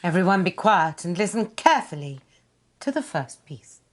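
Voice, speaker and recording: A woman's voice: lowish voice, sing-song, moderate pace. An actress playing a snooty woman who hosts a family quiz over a video call, pompous, proper and sarcastic. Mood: prim. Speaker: family member hosting a quiz round.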